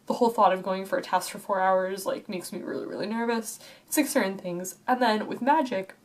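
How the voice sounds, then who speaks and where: A woman's voice: medium pitch, fairly even intonation, a little fast. A young woman in her twenties, a student teacher, talking casually and rambling to camera with many likes and restarts. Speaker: vlogger. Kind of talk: casual personal talk to camera.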